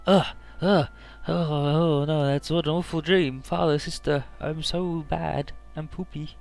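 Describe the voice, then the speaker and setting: A man's voice: fairly high pitch, fairly even intonation, measured pace, creaky, darkish tone, soft background music, voice pushed up. A man putting on the voice of a whiny, bewildered teenage boy in a mocking dub of game scenes, groaning and confused.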